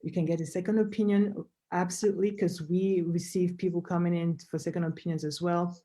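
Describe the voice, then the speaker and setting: A woman doctor answering a question on an online panel in a measured, explanatory way, with frequent fillers and restarts. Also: fairly low pitch, level tone, dark tone, rough recording. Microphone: video call.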